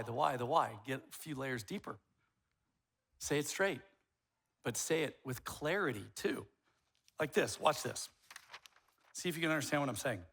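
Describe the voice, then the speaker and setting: A male pastor preaching a sermon, animated and conversational, acting out both sides of arguments and swinging from hushed lines to shouts. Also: on the high side.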